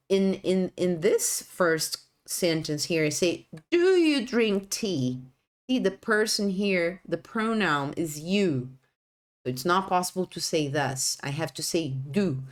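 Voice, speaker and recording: A young adult woman teaches English on video, acting out example sentences with exaggerated rising intonation. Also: fairly low pitch. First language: Portuguese.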